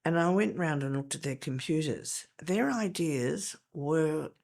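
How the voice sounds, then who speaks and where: A woman's voice: sits low, expressive, a little slow, gravelly, darkish tone. An older woman, a veteran teacher explaining in a podcast interview, emphatic and step by step.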